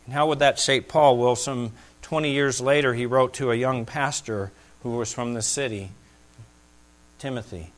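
A middle-aged male pastor preaching a sermon, swinging between loud, excited peaks and hushed, quiet asides. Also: medium pitch, normal speed.

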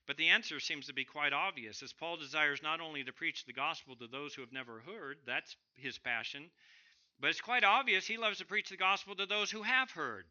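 A bright, forceful man preaching a sermon, his pitch sitting a little high. He swings between loud emphatic bursts and hushed drops. The recording sounds slightly dull and lo-fi. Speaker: pastor.

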